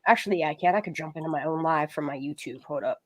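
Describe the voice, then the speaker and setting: Talking fast in a low voice, a woman runs a laid-back livestream where her chat is loose and full of profanity.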